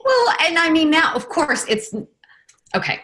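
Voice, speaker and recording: Host: woman from California, enthusiastic and reflective, quick to laugh, conversational interviewer. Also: very high voice, big pitch swings, a bit bright. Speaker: podcast host. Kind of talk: podcast interview.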